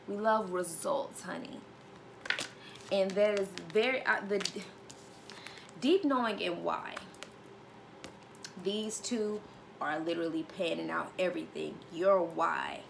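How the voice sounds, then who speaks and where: A woman's voice: mid-range voice, a little slow, vocal fry, long pauses, background noise. A woman giving a casual tarot reading, emphatic and sassy, repeating key phrases and calling the listener honey. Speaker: tarot reader.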